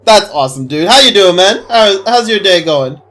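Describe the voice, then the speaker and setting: A man streaming a video game and chatting casually with viewers, excitable and gushing, laughing often. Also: high-pitched, moderate pace, a little hiss or hum. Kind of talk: casual gameplay stream chat. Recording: faint game music behind.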